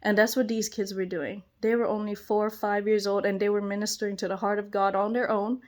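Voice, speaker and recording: A young woman and children's church teacher giving an excited personal testimony, gushing and exclamatory, often breaking into laughter. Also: medium pitch, fairly quick.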